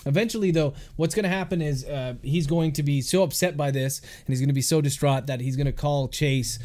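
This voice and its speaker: A man's voice: fairly high pitch, a little fast, a little mellow. Male author on a livestream at a studio mic, dictating prose with the punctuation read out, then chatting loosely. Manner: speaks punctuation aloud, chatty and joking between chapters. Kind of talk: dictating a novel aloud, then casual chat with viewers. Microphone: studio microphone.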